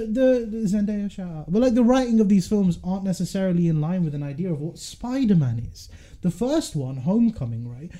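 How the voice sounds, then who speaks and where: A man's voice: high voice, dark tone. A man co-hosting a podcast, ranting with passion and indignation in casual chat. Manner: passionate, indignant, fast rants. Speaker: podcast co-host.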